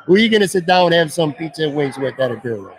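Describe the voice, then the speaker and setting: A man's voice: on the high side, racing, slight background noise. A man hosting a podcast, chatting casually and jokingly with a guest at a pizza restaurant. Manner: joking, animated, swears freely. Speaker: podcast host. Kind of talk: casual chat.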